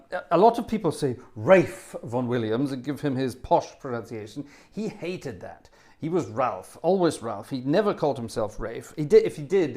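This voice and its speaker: A middle-aged man chats casually to his live-stream viewers between pieces. He rambles from story to story with jokey asides, in a medium-pitched voice. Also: a little mellow. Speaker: organist and livestream host.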